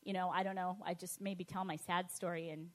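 A woman sharing a personal testimony in a conversational, halting way, with fillers and restarts, dropping to a soft, quiet voice at tender moments. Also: lowish voice, flat delivery.

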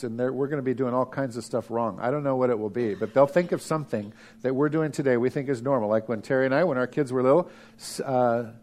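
A middle-aged man preaching a sermon as pastor, lively, sometimes dropping to a hush for emphasis. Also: mid-range voice.

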